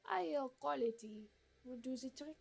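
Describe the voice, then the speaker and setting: A woman voicing a snobbish, demanding gourmet woman in a put-on French accent, reading game dialogue aloud in a drawn-out, theatrical way. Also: high voice, expressive, vocal fry, slightly rough, heavily acted.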